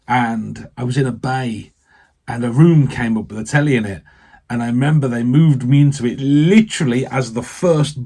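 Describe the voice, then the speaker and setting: A British man, a vicar, giving a heartfelt personal faith testimony that halts and often trails off softly. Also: medium pitch, breathy edge.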